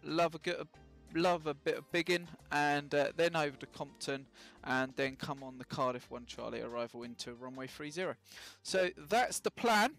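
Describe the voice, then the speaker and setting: A slightly higher-voiced man with a gravelly edge, narrating his flight sim prep in a loose, rambling way. He cracks self-mocking jokes and fills pauses with ums and uhs. Soft music plays faintly behind him. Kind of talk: casual live-stream commentary.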